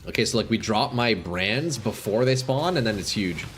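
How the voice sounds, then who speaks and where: Man streaming live, lively up-and-down pitch, sniffly, swears and says bro a lot, faint room hum. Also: moderate pace. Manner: excitable, swears, calls chat "bro" and "dude". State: sniffly from a runny nose. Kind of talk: casual live gameplay chat.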